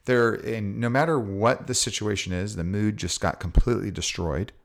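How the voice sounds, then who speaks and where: A man with a very deep voice talks in relaxed conversation. His delivery is earnest and reflective, and he weighs his words as he goes. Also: moderate pace, gravelly. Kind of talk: casual chat.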